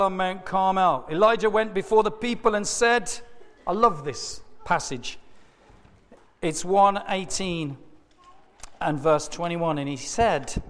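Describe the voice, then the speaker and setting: High lively preacher guy, slow, takes little chuckling asides, echoey church. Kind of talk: sermon retelling a Bible story.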